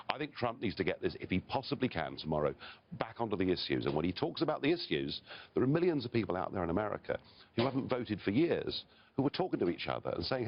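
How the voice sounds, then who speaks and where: A man's voice: lowish voice, very animated, fast, dull audio. A man from Britain, a political guest on a live TV interview, talking bluntly and emphatically with chuckles between points.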